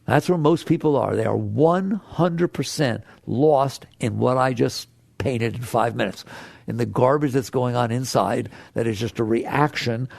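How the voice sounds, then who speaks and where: Gravelly older man giving a lively talk. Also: mid-range voice, dry recording, clean studio sound. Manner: animated, conversational, asks the audience questions, acts out inner voices. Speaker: spiritual teacher. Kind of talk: talk to a live audience.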